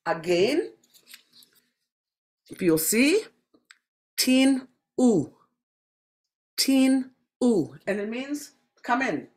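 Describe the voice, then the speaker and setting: A woman's voice: on the high side, big pitch swings, darkish tone. Woman teaching words in an echoey room. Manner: repeats words slowly and clearly for learners. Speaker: language teacher. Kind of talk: classroom language lesson. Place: classroom. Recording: echoey classroom.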